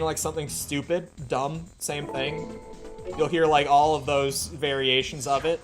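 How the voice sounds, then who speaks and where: Over soft background music, a Minnesotan man with a fairly high, fairly even-toned voice talks at an unhurried pace as he plays and streams a game. His casual chat wanders, heavy on fillers and frequent uses of "like."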